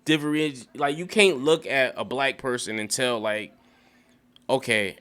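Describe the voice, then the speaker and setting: A young man casually rambling through a TV episode recap, profane and animated, breaking into quick acted quotes. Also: medium pitch. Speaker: YouTube show recapper.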